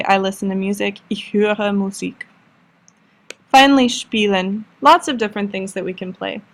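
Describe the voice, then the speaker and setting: Patient woman teacher explaining slowly. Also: mid-range voice, a bit bright. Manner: patient, slows down for example sentences. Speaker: language teacher. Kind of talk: recorded classroom lesson.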